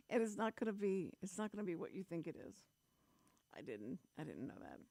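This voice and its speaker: A woman hosting a radio talk show, telling a story in lively casual chat and laughing often. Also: fairly low pitch, no echo. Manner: animated storyteller, laughs often, quick asides.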